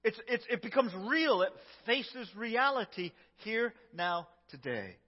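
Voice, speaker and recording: A pastor with a high voice preaches slowly, leaning hard on some words and dropping to near hushes on others. He sounds like he is in a church hall, with a long reverb tail. The recording is dull and lo-fi. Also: very animated. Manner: emphatic preaching with swings between loud and hushed. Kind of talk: sermon. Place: church sanctuary.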